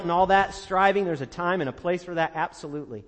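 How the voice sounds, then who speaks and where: A male pastor delivering an earnest, conversational sermon with a fairly high voice. His words ring out with a long church reverb. He laughs easily and drops his voice low and gentle when he turns to prayer. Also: steady tone, a little fast, hardly any pauses.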